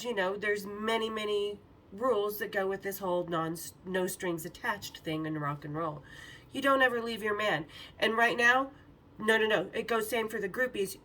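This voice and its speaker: A woman podcast host telling a story casually, animated and profane, acting out quotes. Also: medium pitch, recorded from a distance, rough recording.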